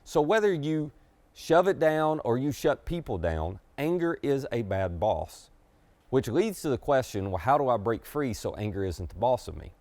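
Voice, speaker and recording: A man's voice: mid-range voice, lively intonation, normal speed, a little mellow, no room sound. A middle-aged man preaching a conversational sermon to camera as pastor, confiding and emphatic.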